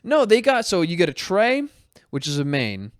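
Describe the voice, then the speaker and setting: Smooth-voiced animated comic storyteller man. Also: sits high, normal speed, no room sound, clean studio sound. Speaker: podcast co-host, stand-up comic. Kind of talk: casual comedic chat.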